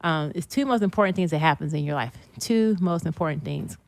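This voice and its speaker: A woman's voice: sits low, a little fast, creaky, dry recording. A middle-aged woman, a guest on a podcast, talking about hard work in an earnest, motivational way and repeating her key phrases. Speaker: guest, dietitian and author. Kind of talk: casual interview chat.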